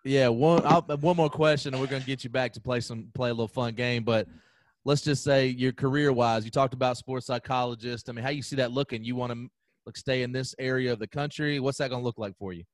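A man's voice: medium pitch, steady tone, brisk, no room sound. A man co-hosting a podcast, asking loose, teasing questions. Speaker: podcast co-host. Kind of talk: casual podcast interview.

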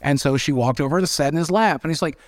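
A man, telling candid stories as an interview guest, animated and swearing freely as he acts out quoted voices. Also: a little high, fast, no echo, studio quality. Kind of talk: candid storytelling.

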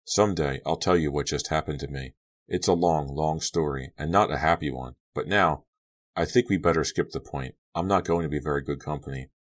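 A shaken, guilt-ridden teenage boy from an audiobook, read by a man. His lines come out strained and anguished in a very deep voice. It is a plain storybook reading. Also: brisk. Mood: weary.

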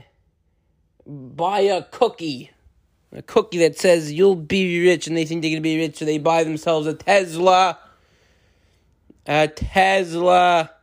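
A man's voice: a little high, dry recording, clean studio sound. A man hosting a comedy podcast, telling a rambling, mock-outraged story and laughing at his own jokes. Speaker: podcast host. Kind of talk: comedic monologue in character.

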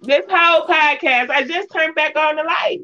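A woman's voice: sits high, normal speed, pushed and bright, highs cut off. A woman co-hosting a podcast, chatting casually and teasing in a playful way.

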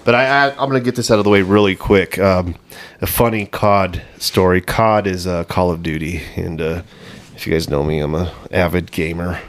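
A man with a deep, fairly even voice hosts a casual comedy podcast at a moderate pace. He tells crude gaming stories, acting out quotes and breaking into bursts of laughter.

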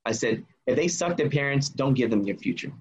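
A man's voice: medium pitch, brisk, husky, rough recording. A man telling a personal story in a casual way, acting out what each person said. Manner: animated, acts out quoted dialogue.

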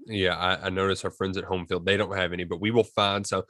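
Excitable man co-hosting a sports podcast. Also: low-pitched, quick pace, dry recording, studio quality. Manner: excitable, animated bursts. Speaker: podcast co-host. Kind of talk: casual sports chat.

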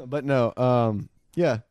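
A young man co-hosting a casual podcast, telling a story with lots of swearing and laughter, often acting out the lines he yelled. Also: mid-range voice, takes it slowly, clean tone, dry recording. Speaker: podcast co-host.

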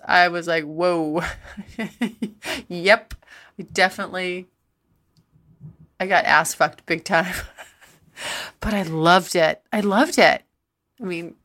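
A middle-aged woman hosts a podcast, telling frank personal stories in a rambling, breathless way and laughing often. Her voice has a fairly low pitch and a sharp tone.

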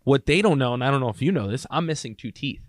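Animated man telling a story, dry sound. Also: medium pitch, fast talker, dry recording. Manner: animated, acts out quoted voices. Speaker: podcast co-host. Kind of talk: casual storytelling chat.

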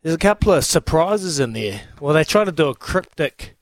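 A man's voice: a little high, big pitch swings, moderate pace, dry recording. A man co-hosting a sports radio show in casual, blokey banter, laughing often.

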